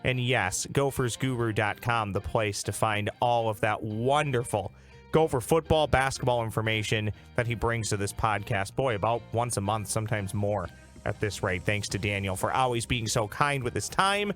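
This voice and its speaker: A man's voice: fairly low pitch, moderate pace, fairly bright tone, faint music behind. A man hosting a sports podcast, joking with his guest and signing off in an upbeat way. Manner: jokey, upbeat sign-offs. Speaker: podcast host.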